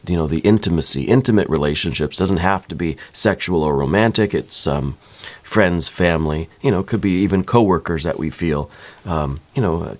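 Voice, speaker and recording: A man with a very low voice reads tarot cards in a soft, close ASMR style, speaking straight to the listener. his talk is gentle and searching, as if he feels his way toward each thought. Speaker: tarot reader.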